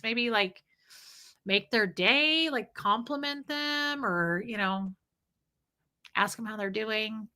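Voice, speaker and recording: A woman, ranting casually to her live stream chat and acting out the people she talks about. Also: a little high. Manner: animated, acts out people in quick quoted voices.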